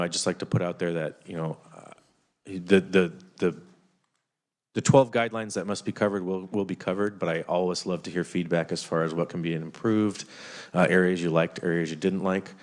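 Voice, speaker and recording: Man, very deep voice, IT trainer, halting with lots of ums and restarts, committee presentation. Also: steady tone. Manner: halting, many fillers and restarts.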